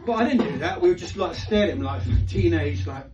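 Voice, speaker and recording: A man in his fifties doing a live stand-up comedy set, telling animated stories with heavy swearing and bursts of shouted impressions. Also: a little high, fairly quick, a little hiss or hum. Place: live comedy venue with audience. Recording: roomy, distant, dull live-club sound with loud crowd laughter.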